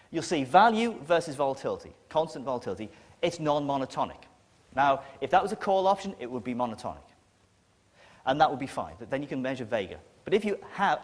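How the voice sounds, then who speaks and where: A man with a northern English accent giving a talk to an audience, blunt and emphatic, with a sardonic edge. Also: mid-range voice. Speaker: conference speaker. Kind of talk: lecture to an audience. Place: lecture hall with an audience. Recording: long reverb of a lecture hall.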